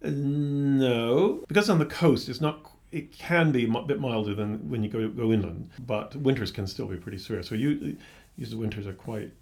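An older man from Boston with a mild American accent, a pastor talking in a relaxed, meandering way as a guest in a church office. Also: medium pitch, vocal fry. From United States (Boston). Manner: reflective, meandering, unhurried storytelling. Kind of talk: casual conversation.

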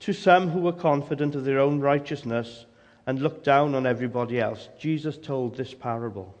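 A man's voice: medium pitch, moderate pace. Male preacher, emphatic, asks rhetorical questions, voice rings in a long-reverb hall. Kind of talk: sermon.

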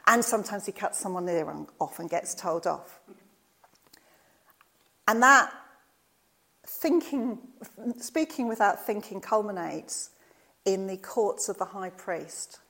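A woman preaching a sermon, telling the story in a lively way and acting out the voices of the people in it. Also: fairly low pitch, gravelly.

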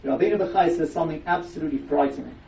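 A man's voice: on the high side, rapid-fire, creaky, dark tone. A man giving a Torah lecture, explaining with emphatic rhetorical questions. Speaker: rabbi giving a Torah class. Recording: echoey, distant, dull-sounding recording.

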